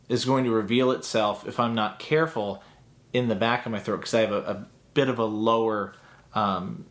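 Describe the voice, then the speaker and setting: A man's voice: mid-range voice, a bit bright. A man teaching a voice acting tutorial in an upbeat, chatty way that breaks into laughs at his own asides.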